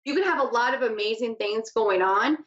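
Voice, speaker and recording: A woman's voice: fairly high pitch, lively intonation, fairly quick, a bit bright. A woman hosting a psychic talk show, teaching in a casual, chatty way that often drifts off topic. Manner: chatty, laughs easily, wanders off topic. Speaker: psychic radio host. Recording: echoey lo-fi room sound.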